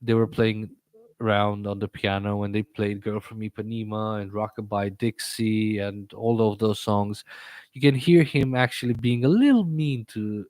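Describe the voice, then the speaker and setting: A toothache slightly impedes the speech of this livestream host, who rambles and stammers through repeated restarts in casual live chat. His lowish, somewhat mellow voice moves at a moderate pace with no echo, and his learned English has a faint British sound.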